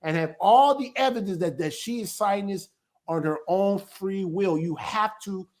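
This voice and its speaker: Man, high voice, livestream talk, emphatic, rhetorical questions, restarts a lot. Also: moderate pace, darkish tone, slight background noise. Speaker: ministry elder.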